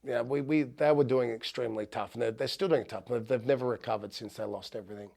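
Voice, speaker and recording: A man's voice: medium pitch, fairly even intonation, fast, creaky, a little mellow. A middle-aged Australian man, a former rugby league player, telling heartfelt stories in a podcast interview with frequent restarts.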